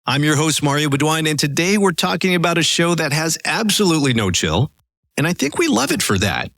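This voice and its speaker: A man hosting a travel podcast in a playful, animated scripted style. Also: a little high, fairly quick, gravelly, no echo, clean studio sound. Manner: playful, animated, pop-culture banter. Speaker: podcast host. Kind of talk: upbeat scripted podcast talk.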